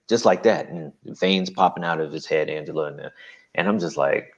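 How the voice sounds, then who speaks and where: A man recounting a personal story as an interview guest, animated and acting out quotes. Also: very deep voice, moderate pace, muffled recording.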